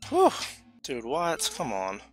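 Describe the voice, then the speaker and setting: A man giving live commentary while playing a video game, excitable, talking to himself and letting out sudden yelps. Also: mid-range voice, takes it slowly, faint music behind.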